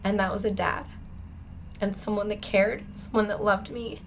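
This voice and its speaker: A woman speaking as a podcast guest, telling her own story with lively, animated delivery. She is a medium-pitched talker who acts out the people in her story, with a faint hiss of noise behind her. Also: moderate pace. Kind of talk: personal storytelling in a podcast interview.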